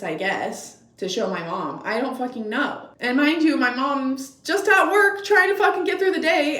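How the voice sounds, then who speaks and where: A young woman vlogger telling a casual story, blunt and animated, swearing freely. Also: mid-range voice, echoey room, far from the mic.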